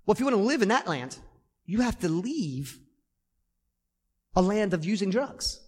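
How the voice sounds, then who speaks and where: A man's voice: high-pitched, sing-song, moderate pace. A man preaching a sermon as pastor in a church, emphatic and repeating key phrases. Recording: long reverb of a church hall.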